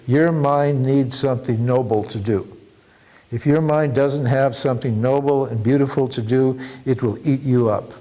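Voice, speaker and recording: A man's voice: mid-range voice, normal speed, mellow. Chuckling male spiritual teacher. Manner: chuckling asides, frequent rhetorical "huh?". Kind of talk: workshop teaching on devotion.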